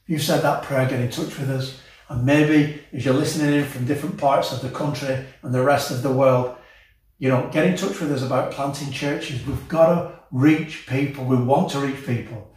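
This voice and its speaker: A man's voice: medium pitch, normal speed. Impassioned male preacher, picked up from a distance in a very echoey hall. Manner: passionate, rising to emotional peaks then dropping soft. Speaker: pastor. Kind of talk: sermon.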